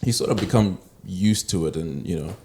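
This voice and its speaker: Low-voiced male guest, laid-back anecdotal delivery, echoey noisy room. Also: normal speed. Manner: relaxed storytelling, soft hesitant fillers. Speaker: podcast guest. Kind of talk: casual conversation. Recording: echoey room with background noise.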